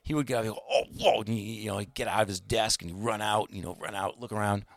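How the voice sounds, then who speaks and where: A man's voice: lowish voice, fast, gravelly. A man telling a long anecdote in casual chat, rambling with many fillers and restarts and acting out the people he quotes.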